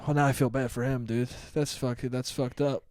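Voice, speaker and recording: A man's voice: mid-range voice, flat delivery, normal speed, a little mellow, no echo, clean studio sound. A man hosting a casual podcast chat, joking around, laughing often and swearing freely. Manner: joking, laughing, profane riffing. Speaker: podcast host.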